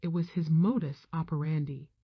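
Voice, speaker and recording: A woman voicing a suave, wealthy half-Italian man who speaks calmly and dryly, in a husky, low voice. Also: moderate pace, no room sound. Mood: sardonic. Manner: calm, dry, understated. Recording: dull, muffled dry sound.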